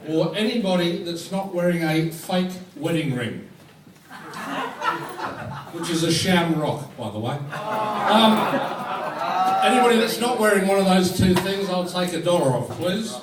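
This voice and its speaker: A man serving as fines master at a club dinner, telling jokes in a dry, deadpan way to a live audience. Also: high voice, measured pace, distant mic, heavy background noise. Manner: dry, deadpan joke delivery. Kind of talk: joke-telling fines session. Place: function room with audience. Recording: roomy hall recorded from afar with crowd.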